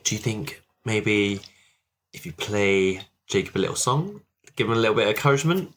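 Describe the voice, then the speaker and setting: A man voicing his tabletop character, a former cop turned adventurer, talking low and conspiratorially. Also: lively intonation, brisk, fairly bright tone, slight background noise.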